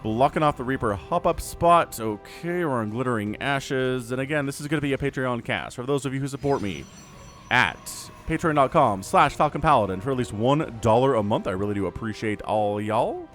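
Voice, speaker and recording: A man casting a video game match on his own, with energetic, playful play-by-play commentary. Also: medium pitch, a little fast. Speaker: esports caster. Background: faint background music.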